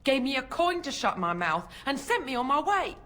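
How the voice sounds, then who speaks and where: A woman's voice: high-pitched, very animated, normal speed, pushed and bright, heavily acted. An actress playing a poor, resentful washerwoman who talks bluntly and coarsely. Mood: bitter. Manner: blunt, resentful, coarse working-class speech. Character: bitter poor washerwoman, grown sister.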